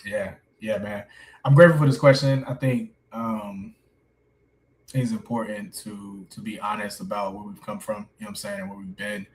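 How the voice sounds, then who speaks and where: A man's voice: on the low side, steady tone, moderate pace, rough recording. A man in his thirties, a coffee shop owner, telling his story casually in an interview, often laughing and saying "man" and "you know what I'm saying". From United States.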